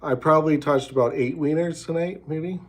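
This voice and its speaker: A man's voice: on the high side, normal speed. A man hosting a casual late-night livestream from a hotel room, rambling and swearing with many restarts. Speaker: show host.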